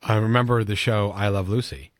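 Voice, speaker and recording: A man hosting a radio interview, eager and quick to agree with his guests, often restarting his sentences. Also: fairly low pitch, fairly even intonation, no room sound. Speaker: radio show host. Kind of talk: casual interview chat.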